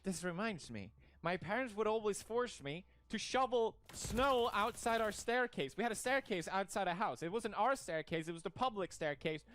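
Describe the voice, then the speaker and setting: A young man with a slightly high voice chats casually as a streamer. He jokes in a mock-outraged tone and laughs often. Faint music plays underneath. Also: moderate pace, hardly any pauses, a bit bright. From Sweden. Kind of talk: casual reaction commentary.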